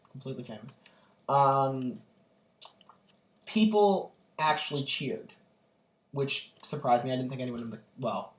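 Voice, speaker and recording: A young man vlogging casually, telling an animated, gushing story full of ums and likes. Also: medium pitch. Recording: echoey room, distant from the mic.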